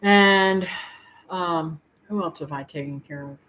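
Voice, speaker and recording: A middle-aged woman hosting her homestead channel, talking to her viewers in a heartfelt, rambling way with filler pauses and tearful moments. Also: lowish voice, fairly bright tone, slight background noise, low-quality recording. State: tearful at times. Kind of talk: emotional personal talk to viewers.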